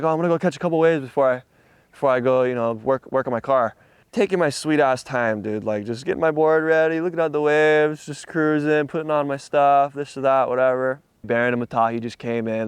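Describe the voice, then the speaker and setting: A man's voice: a little high, clean tone, no room sound. A young man from Hawaii, a surfer telling a story in a casual interview with laid-back slang and a lot of swearing.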